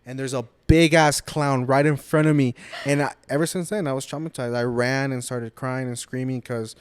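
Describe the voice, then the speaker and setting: A man's voice: medium pitch, fairly even intonation, normal speed, clear, resonant tone, no room sound. A young man co-hosting a podcast, chatting casually, teasing his co-host and joking. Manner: teasing, joking, slips into Spanish. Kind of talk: casual chat.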